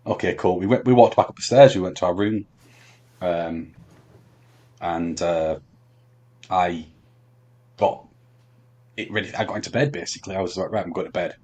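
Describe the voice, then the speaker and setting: A man telling a long story on a podcast, halting with many ums and restarts. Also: low voice, a little mellow, husky, lo-fi sound. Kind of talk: casual storytelling chat.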